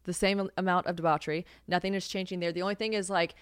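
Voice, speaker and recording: Young woman, podcast host, light Southern accent, chatty, low voice, dry close sound. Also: very fast, clean tone, dry recording. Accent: light Southern American. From Southern United States. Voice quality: chatty, animated, swears freely, lots of "like". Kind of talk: casual solo podcast chat.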